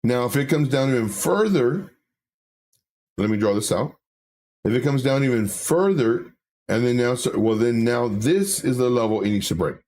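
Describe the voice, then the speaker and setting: A man's voice: medium pitch, lively intonation, moderate pace, a little mellow. A man hosting a casual livestream, chatting with viewers and talking through charts, often repeating his words. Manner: chatty, reads viewer comments aloud, repeats himself. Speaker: livestream host reading chat. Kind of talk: casual live-stream chat and chart analysis.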